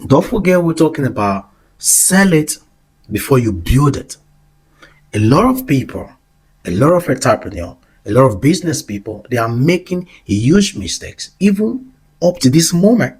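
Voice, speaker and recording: Husky young male host, earnest motivational storyteller, mid-pitched. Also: very animated, moderate pace, a little mellow. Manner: earnest, storytelling, repeats phrases. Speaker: business podcast host. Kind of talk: motivational monologue.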